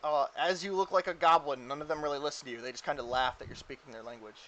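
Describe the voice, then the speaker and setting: A man's voice: on the high side, fairly even intonation, quick pace, fairly bright tone, dull audio. A man narrating a tabletop game as game master, rambling casually with lots of "like.". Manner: rambling, full of "like" fillers.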